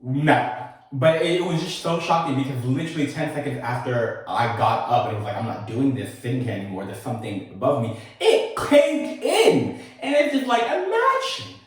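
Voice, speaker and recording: A man hosting a casual storytime, telling a personal tale in a sassy, animated way with laughing asides. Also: mid-range voice, normal speed, heavy reverb, far from the mic. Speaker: storytelling host.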